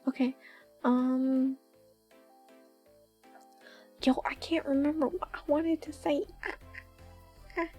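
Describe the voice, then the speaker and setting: A young woman streamer in soft-spoken casual chat with viewers, giggly and rambling, with lots of "like". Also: high-pitched. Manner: giggly, rambling, says "like" often.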